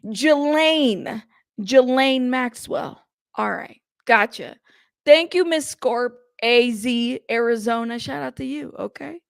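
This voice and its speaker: A woman hosting a casual live stream, chatty and playful, reading viewer comments aloud and giving shout-outs. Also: a little high, creaky, dry recording, studio quality. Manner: playful, teasing. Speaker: livestream host.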